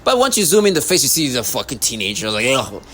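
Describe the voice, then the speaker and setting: A man's voice: mid-range voice, huge pitch swings, fast talker, fairly bright tone, a little hiss or hum. Rambling, agitated man talking to camera. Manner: agitated, repetitive, profane, many restarts. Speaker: vlogger.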